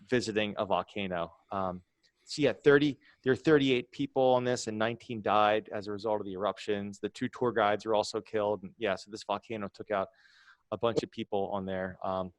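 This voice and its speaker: A man's voice: lowish voice, brisk, no room sound. Chatty man co-hosting a podcast. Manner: rambling, lots of fillers and restarts. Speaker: podcast co-host. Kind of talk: casual chat.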